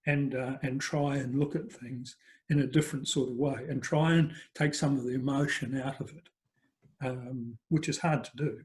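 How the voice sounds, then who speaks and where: A man's voice: medium pitch, steady tone, normal speed. Chatty New older man. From New Zealand. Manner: chatty anecdotal storyteller, frequent fillers. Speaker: guest, business coach. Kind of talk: conversational interview storytelling.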